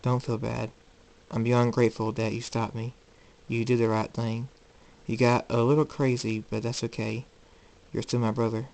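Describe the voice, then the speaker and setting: A man voicing a kind young winged pony-human king in a quiet, earnest tone. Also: mid-range voice, flat delivery, normal speed, creaky, close to an everyday voice, low-quality recording. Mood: warm.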